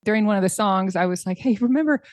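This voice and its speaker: A woman's voice: mid-range voice, quick pace, no room sound, studio quality. A woman being interviewed about playing a role in a community musical, telling stories with a lot of laughter. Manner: animated, laughing storyteller. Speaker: actor in community musical, guest. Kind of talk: casual radio interview.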